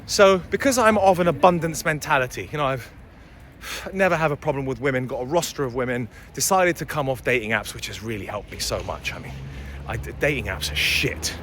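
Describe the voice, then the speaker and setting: A man's voice: mid-range voice, lively intonation, a little fast, fairly bright tone, slight background noise. A young man giving blunt, opinionated dating advice in a casual vlog, swearing freely, recorded outdoors on a city street. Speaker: dating and life coach.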